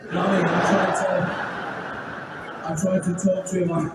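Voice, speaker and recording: A man's voice: high-pitched, flat delivery, fairly quick, heavy background noise. An English man in his sixties doing a stand-up comedy set in a large arena, laughing through his lines, swearing freely and acting out both sides of his stories. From England. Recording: echoey arena sound from far off.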